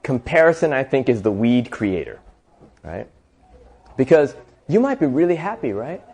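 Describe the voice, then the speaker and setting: A male host gives an inspirational talk at a middling pitch. He talks in an animated, storytelling way, leaning on casual fillers and rhetorical questions. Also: moderate pace, breathy edge.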